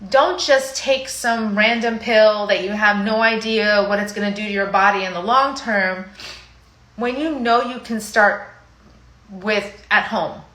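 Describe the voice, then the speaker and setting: A woman's voice: mid-range voice, steady tone, a little slow, fairly bright tone, roomy sound. A woman in her fifties, a fitness coach, talking in a chatty, emotional, rambling way on a casual live video.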